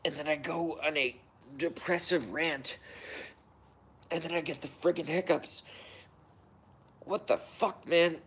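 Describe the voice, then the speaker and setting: A man's voice: a little high, a little slow, pauses often, a bit bright, husky. A man casually chatting on a live stream, grumbling and cursing at himself. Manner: profane, self-deprecating grumbling. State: hiccups.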